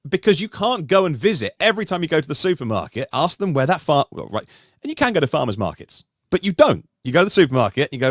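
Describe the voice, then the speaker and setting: A man talking through a podcast discussion in an animated, rambling way, with many restarts. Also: fairly high pitch, a little fast, no room sound, studio quality. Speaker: podcast host, guest panelist.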